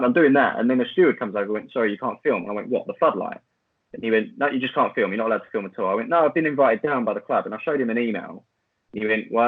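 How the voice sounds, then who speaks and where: A man's voice: fairly low pitch, slightly rough, no echo. A man, a podcast guest who tells a story in a rambling way, full of fillers and restarts. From Essex, England. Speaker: podcast guest, football video maker. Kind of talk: casual storytelling chat. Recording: tinny phone-like line, dry.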